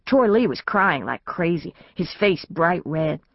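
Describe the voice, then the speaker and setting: Woman narrating an audiobook, lowish voice. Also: expressive, a little slow, gravelly, no echo. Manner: plain storytelling, lifts her voice for the family's lines. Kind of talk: unabridged novel narration, first person. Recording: dry, slightly dull studio recording.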